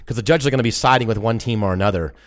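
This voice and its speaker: A man co-hosting a podcast in casual chat, dropping wry, deadpan quips. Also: fairly low pitch, rapid-fire. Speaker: podcast co-host.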